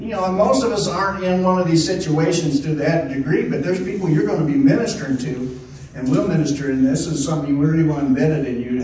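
A man preaching a folksy, rambling sermon, his slightly high voice carrying from a distance. The sound is very echoey, with faint noise behind. He restarts often and talks like he's chatting with the congregation. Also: darkish tone. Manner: conversational, repeats and restarts, folksy exclamations. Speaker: pastor.

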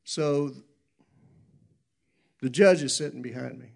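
A man's voice: medium pitch, takes it slowly, creaky. A man preaching a sermon in a folksy, rambling storytelling way, often correcting himself and chuckling. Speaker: pastor.

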